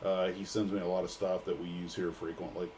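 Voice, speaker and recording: Casting note: a lower-voiced American man hosting a livestream, joking and loose. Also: little pitch movement, brisk, darkish tone, slight background noise. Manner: joking, rambling with fillers. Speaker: livestream host. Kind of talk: casual livestream chat.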